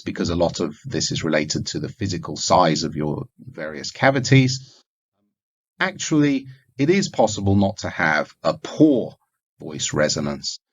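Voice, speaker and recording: A man giving a recorded lecture, explaining points in a measured way with occasional fillers. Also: lowish voice, creaky, breathy edge. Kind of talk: recorded lecture on communication skills. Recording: dull lo-fi recording.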